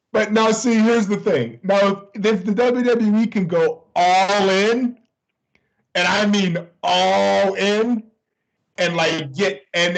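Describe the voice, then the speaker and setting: A man co-hosting a casual wrestling podcast, talking in an animated, joking way with plenty of swearing. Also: high-pitched, creaky, low-quality recording. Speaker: podcast co-host.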